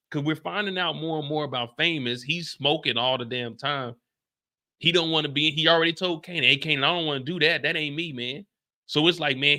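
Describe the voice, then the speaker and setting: Reviewing a TV episode on his live stream, a young man chats in a loose, casual way, peppering his talk with "like" and "you see what I'm saying." The pitch runs on the high side and the tone is sharp.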